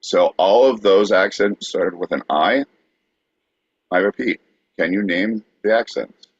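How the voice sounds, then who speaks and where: A man co-hosting a comedy podcast, playfully quizzing his partner with halting fillers. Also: sits low, breathy edge, dry recording. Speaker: podcast co-host. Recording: dull dry lo-fi mic.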